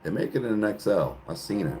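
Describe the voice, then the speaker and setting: A man's voice: fairly low pitch, very animated, fast, dark tone, soft background music. A man hosting a casual podcast chat, rambling in a crude, joking way and laughing often. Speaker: podcast host. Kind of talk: casual chat answering viewers.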